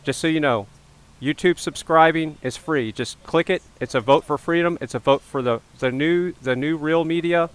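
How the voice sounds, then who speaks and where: A man's voice: on the high side, moderate pace, clean tone. Man hosting a joking livestream. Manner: joking, self-mocking about his ego. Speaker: livestream host. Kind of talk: casual livestream chat.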